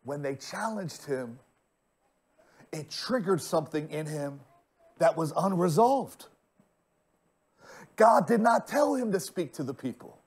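Pastor guy preaching slow, kinda high voice, goes big then drops real quiet, talks right at the church. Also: expressive, breathy edge. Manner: dramatic preaching, swinging from loud to hushed; addresses the congregation directly. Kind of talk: sermon.

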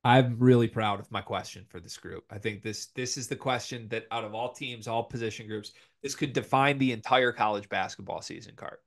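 Opinionated young man talking college hoops. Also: medium pitch. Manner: animated, opinionated, quick rankings. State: has the hiccups. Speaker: podcast co-host. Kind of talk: casual sports talk.

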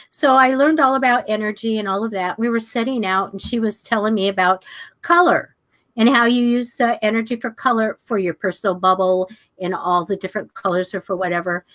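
An older woman co-hosting a psychic talk show, telling stories in a casual, animated way, acting out the voices of people in them and laughing often. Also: mid-range voice, a little fast. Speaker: psychic radio show co-host. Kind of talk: casual storytelling chat.

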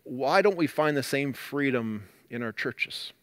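A man preaching a sermon as pastor, earnest, swinging up and down in pitch and loudness for emphasis and restarting words now and then. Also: lively intonation, unhurried. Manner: earnest, rises and drops in pitch and volume for emphasis.

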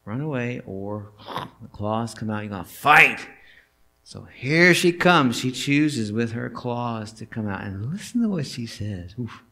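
A male pastor preaching a sermon in a church, telling the story in an animated way and asking the listeners questions. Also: medium pitch, a little slow. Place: church sanctuary.

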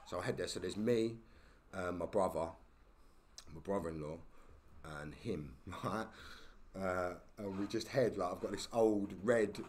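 Deep-voiced and speaking at a normal pace, this London-accented podcast guest spins a story in slangy, casual language, checking in with "yeah?" again and again. A slight hiss or hum sits under the recording.

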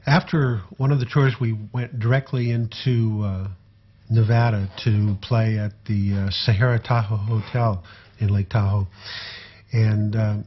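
Husky-voiced older man telling old stories. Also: lowish voice, little pitch movement, highs cut off. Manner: unhurried, rambling recollection with frequent fillers. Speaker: tour photographer recalling memories. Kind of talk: conversational anecdotal storytelling.

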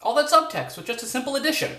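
Lively, wry lecturer in an echoey room. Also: high voice, racing, distant mic. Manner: lively, wry, emphatic when stressing rhythms. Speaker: teacher. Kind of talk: casual lecture on verse. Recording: echoey room, slightly off mic.

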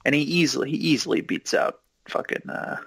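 A man's voice: on the high side, fairly quick, fairly bright tone, slightly rough, no echo, poor audio. A man co-hosting a casual movie commentary, rambling with lots of fillers and casual swearing. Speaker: commentary co-host.

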